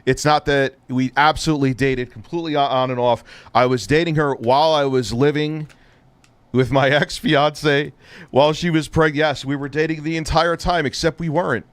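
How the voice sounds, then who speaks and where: A man livestreaming a heated rant, swearing freely and dripping with sarcasm. His voice sits a bit high for a man. The sound is dry, with no room echo. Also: steady tone, normal speed, clear, resonant tone. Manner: profane, sarcastic, ranting. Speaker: live streamer host. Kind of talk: heated live-stream rant.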